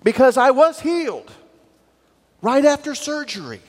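A pastor with a strikingly high, bouncy voice preaches a sermon, animated and full of storytelling. His words ring out with a long reverb through a church sanctuary. He acts out the voices in his stories as he goes. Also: unhurried.

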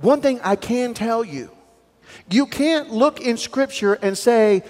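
A pastor with a strikingly high, bouncy voice preaches a sermon, animated and full of storytelling. His words ring out with a long reverb through a church sanctuary. He acts out the voices in his stories as he goes. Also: slow.

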